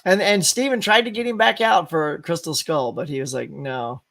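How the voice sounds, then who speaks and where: A man with a high-pitched voice talks eagerly as a guest on a casual live stream. His delivery is chatty and enthusiastic, and he strings his thoughts together in long, easy runs. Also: sing-song, fairly quick, vocal fry, fairly bright tone. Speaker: guest host.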